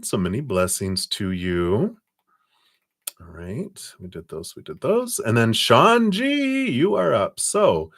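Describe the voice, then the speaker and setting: A man with a very deep voice talks through tarot cards on a live stream, easygoing and chatty. He laughs often and slips into quiet murmured asides. His voice sounds dry and close. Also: no echo. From Colorado. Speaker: tarot reader.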